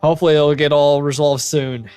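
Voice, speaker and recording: Chatty and self-deprecating, a Northern Virginia streamer hosts a casual gaming session with faint background music. He speaks briskly and flatly in a slightly high voice whose tone is darkish, clear and resonant, with no echo.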